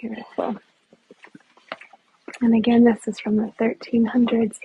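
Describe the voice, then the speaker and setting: Woman tour guide walking around outside, slow easy talk, kinda hushed, a bit muffled phone audio. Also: a little high, monotone, husky. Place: outdoors in a hillside village.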